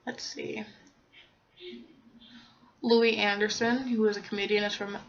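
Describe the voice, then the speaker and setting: A young woman from Minnesota talking casually in a vlog. She reads through a list, pausing often with ums and hmms. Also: medium pitch, flat delivery, a bit bright, highs cut off, slight background noise. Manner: unhurried, reads from a list with many ums and pauses. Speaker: vlogger. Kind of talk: casual vlog, listing facts.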